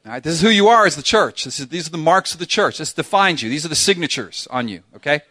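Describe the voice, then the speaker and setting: Animated man preaching with lively pitch. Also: quick pace, dry recording. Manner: animated preaching, acts out voices, emphatic repetition. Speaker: pastor. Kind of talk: sermon. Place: church sanctuary.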